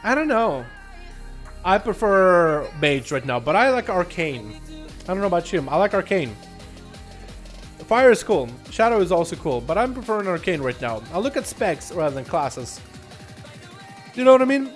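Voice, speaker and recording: An American man with a high, bright voice calls game duels live, quick and excitable, then drifts into loose banter with his viewers. Faint music plays under his voice throughout the stream. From United States. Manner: energetic, chatty, jokey with viewers. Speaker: streamer and duel host. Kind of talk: live game commentary and chat.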